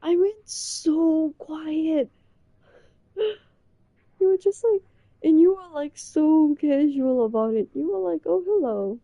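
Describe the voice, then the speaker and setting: Excitable high-voiced young woman streamer. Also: slow, pauses often, dry recording, highs cut off. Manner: gasping, laughing, excitable. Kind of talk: excited reaction commentary.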